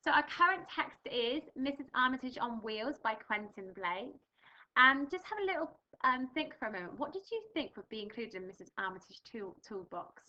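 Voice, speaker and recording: A woman's voice: on the high side, lively intonation, moderate pace, pushed and bright, dull audio, a little hiss or hum. A young English woman teaching a primary school reading lesson, patiently explaining words and reading a storybook aloud with expression. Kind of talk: recorded remote reading lesson.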